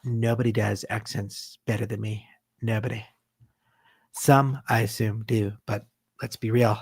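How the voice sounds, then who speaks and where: A man's voice: fairly low pitch, flat delivery, unhurried, husky, no room sound. A man doing an impression of a boastful older male politician who speaks with brash, emphatic bragging.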